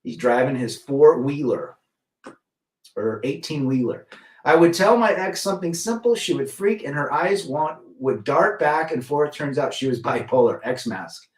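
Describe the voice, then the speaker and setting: Speaking at a moderate pace in a slightly high voice, a middle-aged livestream host reads chat, greets viewers by name, and shares blunt opinions in a casual way. The mic sits at a distance, leaving a roomy echo.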